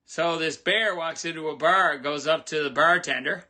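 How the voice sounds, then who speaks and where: A man's voice: fairly high pitch, moderate pace, sharp tone. A man recording a joking, chatty greeting from his room at home. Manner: chatty, joking, with many fillers. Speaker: well-wisher telling jokes. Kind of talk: casual video greeting.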